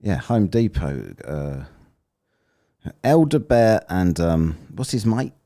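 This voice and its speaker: Low, lively English man on stream. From England. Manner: chatty, rambling, quick to joke and laugh. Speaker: streamer reviewing a debate and reading chat. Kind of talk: casual live-stream commentary.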